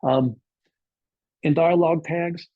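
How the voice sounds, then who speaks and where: Man, novelist lecturing a writers' group, husky voice, dry dull lo-fi sound. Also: on the high side, steady tone, slow, no room sound. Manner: conversational, frequent filler uhs, checks in with "okay?". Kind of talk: informal workshop lecture.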